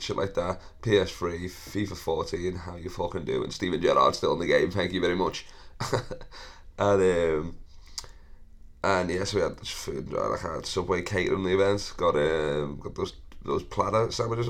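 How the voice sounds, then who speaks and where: A thirty-year-old man, hosting a podcast and telling rambling, sweary stories with frequent laughs and self-corrections. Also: deep voice. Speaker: podcast host. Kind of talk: casual storytelling monologue.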